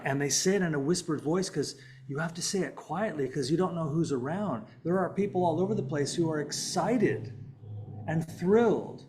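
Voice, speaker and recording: A man's voice: on the high side, darkish tone. A middle-aged man giving a public talk on contemplative life, speaking conversationally with frequent fillers and restarts. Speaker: philosophy lecturer.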